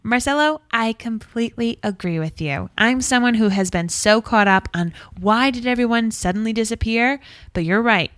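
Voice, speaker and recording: A woman's voice: a little high, normal speed, fairly bright tone, dry recording, clean studio sound. A young woman co-hosting a TV podcast in a playful, bubbly casual chat. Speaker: podcast co-host.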